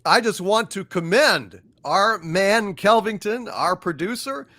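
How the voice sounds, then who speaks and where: A man's voice: high-pitched, animated, a little slow, bright, forceful tone, dry recording. A man hosting a live pop culture panel show, delivering wry, sarcastic commentary. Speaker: host.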